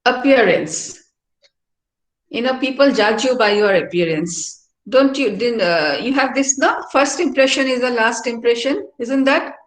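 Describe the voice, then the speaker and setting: A middle-aged woman with a fairly high voice and lively intonation gives an unhurried classroom lecture. She's a professor explaining material in a university activity centre hall, where the sound echoes, often asking "no?" or "all right?".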